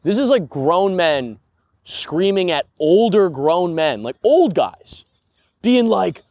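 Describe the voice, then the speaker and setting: A man's voice: high-pitched, sing-song, takes it slowly, darkish tone, no room sound, clean studio sound. A young man hosting a podcast, rambling through a casual comedic monologue and laughing at his own stories. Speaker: podcast host.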